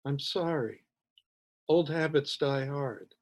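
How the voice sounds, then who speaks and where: A soft-spoken, unsettlingly calm stranger drifts through his words in a quiet, dreamy way, as a man reading the story plays him. The voice sits slightly high and moves slowly. It has a storybook feel. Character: calm, eerie male intruder, soft-spoken.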